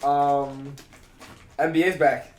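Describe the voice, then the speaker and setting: A young man co-hosting a casual sports podcast, loud and rambling, laughing often. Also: a little high, flat delivery, slow. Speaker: podcast co-host. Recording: echoey room with faint noise.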